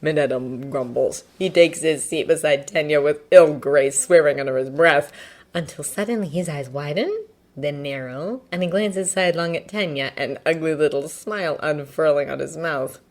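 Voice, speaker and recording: A woman's voice: low-pitched, moderate pace. Woman narrating a fanfiction audiobook. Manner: expressive, lively reading. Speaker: fanfiction reader.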